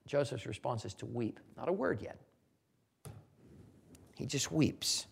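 A preacher delivering an expository sermon, swinging between loud emphatic bursts and hushed low asides, often repeating words and restarting phrases. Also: lively intonation, unhurried, creaky, pauses often, slightly rough.

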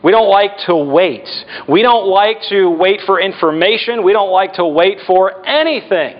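A middle-aged male pastor preaching a sermon, slowing down and dropping his voice for emphasis. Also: high voice, lively intonation. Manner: preaching with emphatic slowdowns and dramatic drops in volume. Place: church. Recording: dull lo-fi church recording.

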